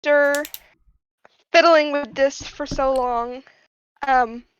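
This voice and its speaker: A woman player describing her character's actions, slow and hesitant. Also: high-pitched, fairly even intonation, highs cut off, slight background noise.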